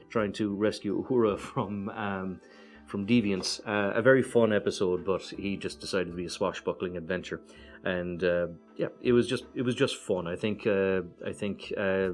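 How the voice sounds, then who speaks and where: An Irish man casually walking through a board game's cards one by one, relaxed and hesitant, with many fillers and chatty asides. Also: low-pitched. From Ireland. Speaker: board game reviewer. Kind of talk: casual card-by-card walkthrough.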